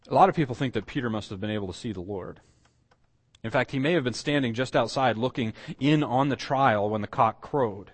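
Man, pastor, sermon storytelling, acted quotes, fillers. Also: mid-range voice.

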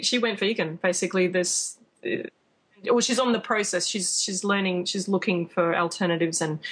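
A woman telling a story in casual chat, animated and laughing, acting out what people said. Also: medium pitch, husky. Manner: animated, acts out quotes, laughs often.

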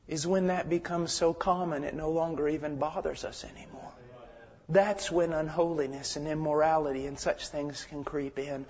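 Impassioned male preacher in an echoing hall. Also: a little high. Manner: swings from hushed, whispered pleading to loud, forceful exhortation. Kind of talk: sermon. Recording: dull lo-fi sermon recording in a reverberant hall.

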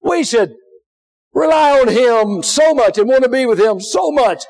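A man preaching a sermon in a church, dropping to a hush and then rising to shouts, with folksy asides to the congregation. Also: extremely high pitch, expressive, measured pace. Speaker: pastor. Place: church sanctuary.

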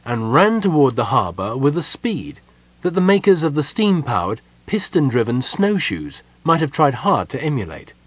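A man narrating a fantasy audiobook in a steady, measured storytelling manner. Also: mid-range voice, breathy edge, no room sound.

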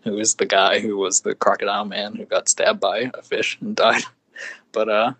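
Husky, giggly man chatting. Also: on the low side, flat delivery, moderate pace, a bit bright, no echo. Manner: giggly, rambling storyteller. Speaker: podcast co-host. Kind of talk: casual chat.

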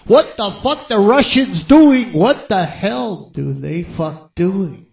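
A man's voice: high-pitched, lively intonation, slow, creaky, darkish tone, breathy edge. A man ranting profanely as he comments on music, mocking, and stretching out repeated questions. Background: faint guitar playing.

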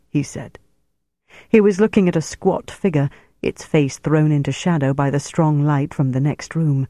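A man narrating a novel as an audiobook in a measured, steady storytelling voice. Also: fairly high pitch, no room sound, clean studio sound. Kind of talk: scripted narration.

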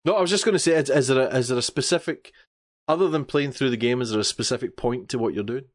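Scottish male co-host, friendly casual chatter, medium pitch. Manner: friendly, quick to laugh and chime in. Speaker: podcast co-host. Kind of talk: casual chat.

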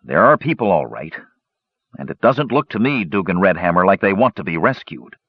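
A man voicing an ambitious, gloomy young male knight who speaks in low tones, recorded dull and lo-fi. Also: big pitch swings, a little fast, husky, no room sound, exaggerated voice. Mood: wary.

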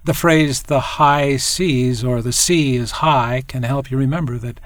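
A man narrating a scripted language lesson, explaining clearly and demonstrating tones. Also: medium pitch, measured pace, no echo.

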